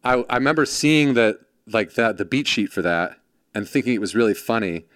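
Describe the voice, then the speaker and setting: A man's voice: on the low side, expressive, fairly quick, a bit bright, dry recording, clean studio sound. A man telling a story in casual chat, acting out quoted voices, swearing freely and jumping between characters. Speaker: podcast guest, former production assistant.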